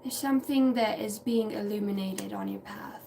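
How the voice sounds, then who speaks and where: Her voice is medium-pitched, creaky, and warm, moving at a moderate pace as this woman hosts an intuitive reading livestream. She meanders through reflective, chatty thoughts with the odd swear word, sitting away from the mic over a faint hum of background noise.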